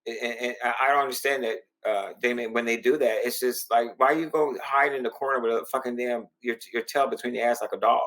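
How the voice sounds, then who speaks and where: A man with a Southern US accent, a podcast guest telling stories in casual, animated chat and swearing freely. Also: medium pitch, a little fast, hardly any pauses, poor audio. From born in Indianapolis, raised around the US South. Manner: animated storyteller, swears freely, acts out quotes.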